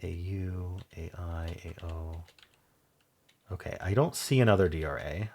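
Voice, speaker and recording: A man hosting a word-puzzle video, thinking aloud as he solves it, spelling out letters and trailing off softly, with keyboard typing behind him. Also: sits low, measured pace, gravelly, slightly rough. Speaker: Wordle video host.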